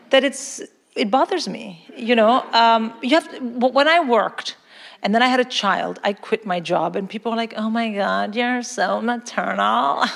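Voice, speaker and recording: A middle-aged woman from India, doing blunt, profane, mock-outraged stand-up comedy on a live stage. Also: fairly high pitch. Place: live venue stage in London. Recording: live hall reverb.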